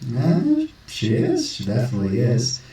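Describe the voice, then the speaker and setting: A man's voice: medium pitch, huge pitch swings, moderate pace, warm tone, roomy sound, far from the mic, low-quality recording. A man player in a tabletop game, joking and laughing between lines. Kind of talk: casual tabletop role-play.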